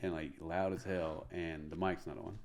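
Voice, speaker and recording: A man from Middle Tennessee, a comedian guest telling an animated story full of fillers. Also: deep voice, moderate pace. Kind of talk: casual storytelling.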